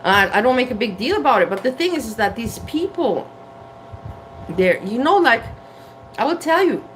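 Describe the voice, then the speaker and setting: A woman's voice: on the high side, big pitch swings, moderate pace, fairly bright tone, a little hiss or hum, low-quality recording. A woman vlogging candidly to camera from her kitchen, frank and blunt, swearing and laughing at herself. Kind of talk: candid casual talk to camera. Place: home kitchen.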